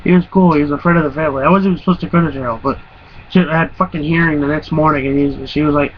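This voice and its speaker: Young dude rambling and swearing, slightly high voice, dull recording with a faint hum behind. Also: male voice, steady tone, rapid-fire. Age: around 20. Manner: rambling, profane, laughs through his stories. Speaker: vlogger. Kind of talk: casual storytelling.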